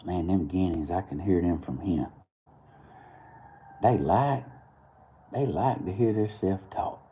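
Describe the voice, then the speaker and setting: A young Southern man from Georgia hosts a live morning show, chatting casually on his stream and telling a rambling story with frequent laughter. His voice is deep and he takes it slowly. The audio is dull, with a little hiss or hum.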